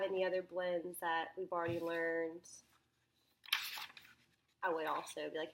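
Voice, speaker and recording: A woman's voice: fairly low pitch, flat delivery, measured pace, vocal fry, pauses often, slight background noise. A young woman talking through a phonics lesson plan as a student teacher, thinking aloud with many ums and restarts.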